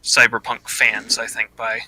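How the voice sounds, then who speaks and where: A male podcast co-host in casual conversation. His voice is strikingly bright and sharp, and he picks his words slowly, with frequent pauses and fillers. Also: fairly low pitch, monotone, rough recording. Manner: hesitant, full of fillers. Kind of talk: casual live-stream chat.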